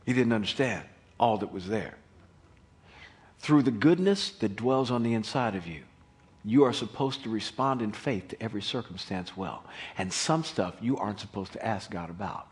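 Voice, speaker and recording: A man preaching a sermon in an animated way, acting out the Bible story. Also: fairly low pitch, normal speed. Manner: animated, acts out Bible scenes.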